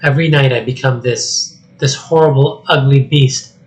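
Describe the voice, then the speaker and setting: A man voicing a cursed young princess while reading a script aloud, speaking softly and pleadingly. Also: medium pitch, fairly even intonation, normal speed, lightly acted, low-quality recording. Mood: earnest. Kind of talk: solo script reading with voices.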